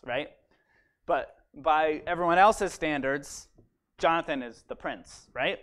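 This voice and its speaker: Animated high-voiced man retelling Bible stories. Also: measured pace. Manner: animated storyteller, acts out quotes, fillers like "right?". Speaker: Bible study teacher. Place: church.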